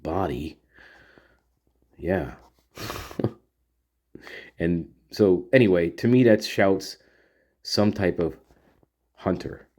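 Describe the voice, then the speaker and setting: Deep voiced guy rambling to his listeners, keeps repeating himself, casual monologue. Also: a little mellow, slightly rough. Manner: talks straight to his listeners. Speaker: podcast host.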